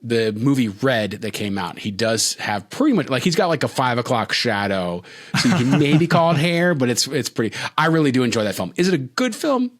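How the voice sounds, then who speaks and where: A man's voice: mid-range voice, lively intonation, a little fast. A man co-hosting a film podcast, gushing animatedly about a favorite movie with many fillers. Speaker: podcast co-host. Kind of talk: casual film chat.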